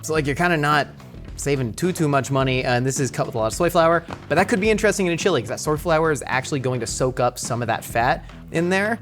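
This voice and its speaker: A man hosting a casual, jokey cooking show, excitable and playful, with sudden jumps up in pitch.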